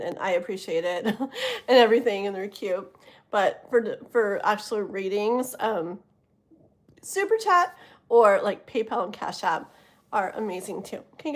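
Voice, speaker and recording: Chatty woman tarot streamer. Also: medium pitch. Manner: chatty, rambling, lots of fillers, laughs often. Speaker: tarot reader hosting a live stream. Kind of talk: casual live-stream chat with viewers.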